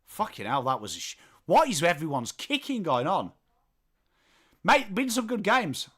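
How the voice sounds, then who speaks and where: Northern english bloke doing a footy watchalong, high bright voice, unhurried, yells on the big plays. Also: male voice, huge pitch swings, breathy edge. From England. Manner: chatty calls that burst into shouts at big plays, swears casually. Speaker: livestream host. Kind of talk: live football watchalong commentary.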